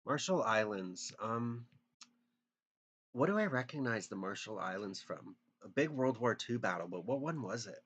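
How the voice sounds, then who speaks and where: Man, very low voice, casual stream chat, joking, self-deprecating, muttering thoughts. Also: expressive, normal speed, a bit bright, husky. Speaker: streamer drawing for viewers.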